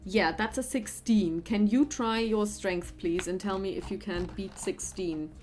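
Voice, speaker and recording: A woman's voice: medium pitch, a little slow, over music. A woman narrating a tabletop horror game as game master, friendly and hesitant, with many fillers.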